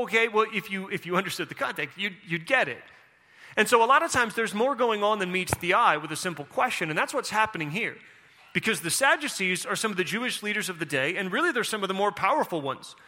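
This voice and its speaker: A man's voice: high voice, bright, forceful tone. A man preaching a sermon in a casual, conversational way with playful asides. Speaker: pastor. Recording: long hall reverb.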